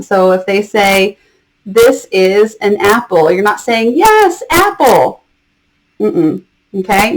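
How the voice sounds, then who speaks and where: Chatty woman giving teaching advice. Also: a little high. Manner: friendly, chatty, often adds "okay?" to check in. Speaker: online ESL teacher and mentor. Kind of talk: casual advice vlog.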